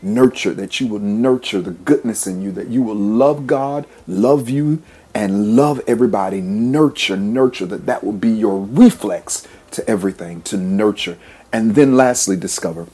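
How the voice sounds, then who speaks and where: A man's voice: on the low side, moderate pace, dark tone, breathy edge. A man preaching a motivational sermon, repeating phrases in a rhythmic, emphatic way and leading affirmations. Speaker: podcast host and preacher.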